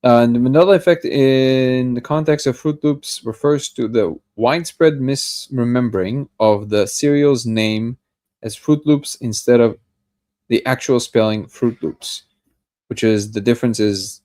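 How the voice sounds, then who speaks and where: A man with a medium-pitched, darkish voice speaks a little slowly while hosting a daily live discussion. Reacting to a video clip, he thinks aloud, frequently restarting and stumbling over his words.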